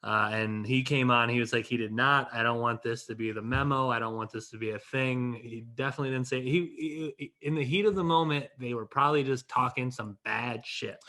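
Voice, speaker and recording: Regular-voiced dude rambling, lots of restarts, casual cussing. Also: male voice, medium pitch, fairly quick, hardly any pauses, pushed and bright. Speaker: guest. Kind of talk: casual chat.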